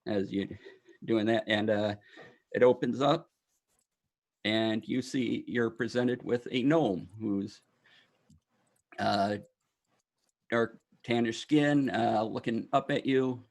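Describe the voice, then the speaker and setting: A man narrating as dungeon master of a tabletop game, in a loose, halting way with many fillers. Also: mid-range voice.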